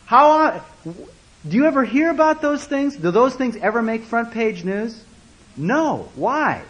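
A man preaching a sermon as a story, animated and repeating words, acting out the voices of the people in it. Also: extremely high pitch, a little slow, low-quality recording.

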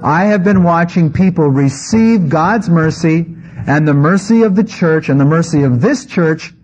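A pastor preaching a conversational sermon, reading scripture and adding wry asides. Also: male voice, high voice, a little mellow. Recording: slightly muffled with faint background noise.

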